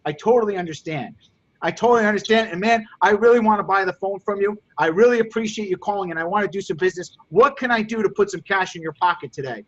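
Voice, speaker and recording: An energetic male sales coach with a high voice who keeps repeating his key points. The recording sounds dull and lo-fi. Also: fast. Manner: energetic and repetitive, addresses listeners as "guys". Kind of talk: coaching call to course members.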